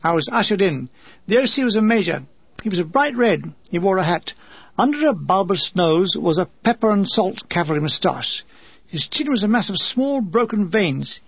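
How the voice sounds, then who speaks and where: A man's voice: high voice, sing-song, moderate pace, creaky, breathy edge, dull audio. A man reading a memoir in a dry comic storytelling manner. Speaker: narrator. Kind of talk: scripted memoir narration.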